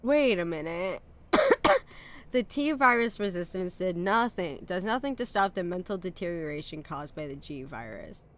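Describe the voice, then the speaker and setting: A woman's voice: lowish voice, expressive, normal speed. A sick woman streamer with a sore throat and a nasal voice, chatting casually and swearing as she plays a horror game.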